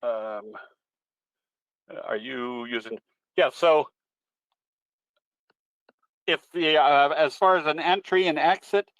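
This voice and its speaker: A man's voice: a little high, slow, pauses often, a bit bright, no room sound, low-quality recording. A man presenting at an online trading webinar, answering questions in a folksy, easygoing, rambling way. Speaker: guest presenter, trading educator. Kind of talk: webinar Q&A, explaining.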